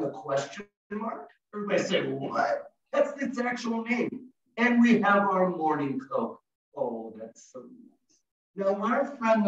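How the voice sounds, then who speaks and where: A man leading young children through a story activity in an online class, playful and singsong, coaxing them into call-and-response. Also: sits high. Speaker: early childhood educator presenting an online class. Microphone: video call. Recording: echoey, distant, dull video-call audio.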